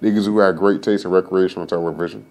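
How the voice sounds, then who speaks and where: A man's voice: sits low, fairly even intonation, fast, darkish tone. Rambling, profane man. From Vallejo, Northern California. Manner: rambling, joking and profane, often trailing off topic. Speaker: podcast host. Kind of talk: casual livestream chat.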